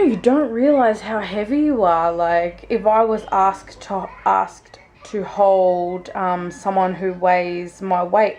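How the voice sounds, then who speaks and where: A woman's voice: medium pitch, darkish tone, slight background noise. A young woman with an Australian accent, chatting casually to camera in a rambling, um-filled way. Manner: chatty, rambling storytelling with frequent ums. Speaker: vlogger. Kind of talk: casual chat.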